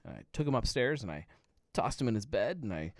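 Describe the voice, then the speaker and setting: A man's voice: medium pitch, very animated, fairly quick, no echo, clean studio sound. A man in his thirties hosting a casual live happy-hour show from home, rambling in a laid-back way and chuckling often. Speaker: podcast host. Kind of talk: casual live-stream chat.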